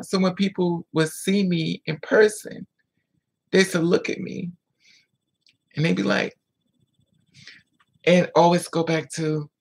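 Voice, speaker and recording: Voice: medium pitch, little pitch movement, slow, vocal fry, long pauses. A vlogger telling a painful personal story in a blunt, raw way, repeating phrases and swearing freely.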